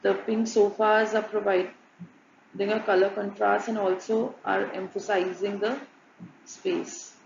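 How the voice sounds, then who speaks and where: Woman flatly narrating a design presentation. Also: mid-range voice, a little slow, creaky, a little hiss or hum. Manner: flat, repetitive listing of examples. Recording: muffled, echoey room with faint ambience.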